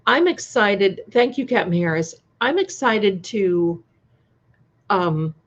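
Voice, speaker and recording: On a live stream premiere chat, a woman co-host casually reacts to what viewers write, often restarting mid-thought. She has a medium-pitched, animated voice and speaks slowly, captured in slightly dull lo-fi audio.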